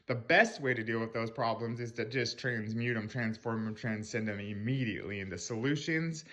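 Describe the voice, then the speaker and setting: A man's voice: medium pitch, moderate pace, fairly bright tone. A man coaching a tapping technique in loose, rambling talk, swearing casually and acting out angry self-talk in a raised voice. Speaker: spiritual mindset coach.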